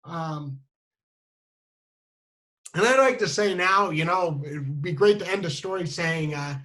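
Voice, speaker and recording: A man telling a funny personal story, self-mocking and halting, with many restarts and fillers. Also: on the high side, sharp tone, low-quality recording.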